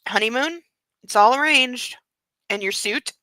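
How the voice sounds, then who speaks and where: A woman reading the lines of a warm, doting middle-aged mother in a gentle, fond delivery. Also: a little high, brisk, no echo, rough recording. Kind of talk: reading a novel aloud.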